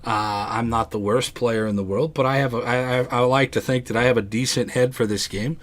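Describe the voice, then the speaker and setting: Male podcast host, mid-pitch, rambling and animated, casual livestream chat. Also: fairly quick. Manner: rambling, animated storytelling with many restarts.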